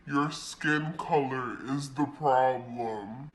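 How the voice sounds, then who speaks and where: A young woman doing a hostile old woman, low and slow. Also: heavily acted. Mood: cold. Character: hostile older woman, sixty or seventy, demanding.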